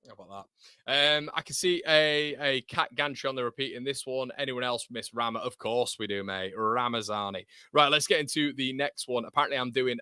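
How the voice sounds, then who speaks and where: A young man from England hosting a live football watchalong, chatting excitedly, reading out viewer comments and calling people mate. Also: medium pitch, smooth, dry recording, clean studio sound.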